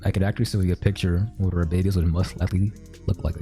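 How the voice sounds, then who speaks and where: A man's voice: low voice, steady tone, racing, mellow, soft background music. A man co-hosting a podcast in casual chat, laid-back and laughing along. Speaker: podcast co-host.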